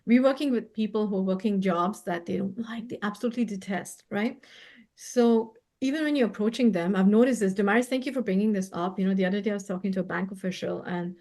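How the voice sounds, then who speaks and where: Gentle, effusive woman on a video call. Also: medium pitch, fast talker. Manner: gentle, effusive, laughs often. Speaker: spiritual healer and co-host. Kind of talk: casual heartfelt conversation.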